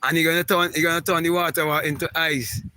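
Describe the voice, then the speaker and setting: A man's voice: on the high side, steady tone, fast, sharp tone. A man hosting a spiritual talk, reading viewer comments and answering them in an emphatic, repetitive, preachy way.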